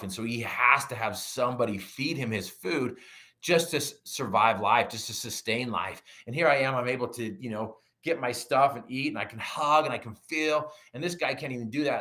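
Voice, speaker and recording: A man's voice: mid-range voice, a bit bright. A middle-aged man who is a guest on a podcast, telling a personal story with animation and acting out his own quoted lines.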